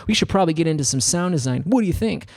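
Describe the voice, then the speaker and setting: A man's voice: a little high, animated, a little fast, darkish tone, husky. An American man chatting casually on a livestream, rambling and upbeat as he works through a music production tutorial. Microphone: studio microphone.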